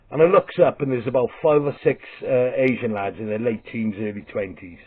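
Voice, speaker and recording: A man's voice: mid-range voice, brisk, few pauses, husky. A man with a Welsh accent telling a comic story as a vlogger, blunt and sweary, with restarts. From Wales. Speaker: vlogger and comedian. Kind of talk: rambling comic storytelling monologue. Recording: tinny phone-like sound.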